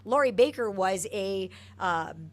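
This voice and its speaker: A woman's voice: mid-range voice, slow pace. A middle-aged woman from Hawaii, a soccer coach, telling stories from her past with lots of energy in an interview. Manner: energetic, animated storyteller. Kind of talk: interview storytelling.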